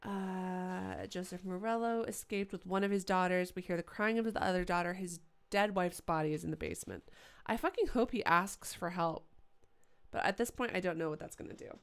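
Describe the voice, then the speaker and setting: A woman commenting live as she plays a horror game, chatty and swearing, yelling at the characters. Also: on the low side, moderate pace. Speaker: streamer playing a horror game.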